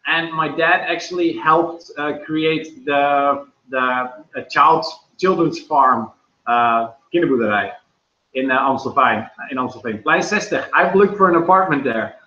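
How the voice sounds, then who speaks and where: A loud, animated Dutch man hosting a casual livestream, speaking English with a Dutch accent. His voice sits a bit high and sounds bright and forceful. It comes through a dull, lo-fi computer microphone in a roomy, echoey space. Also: a little slow. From Netherlands. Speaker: livestream host.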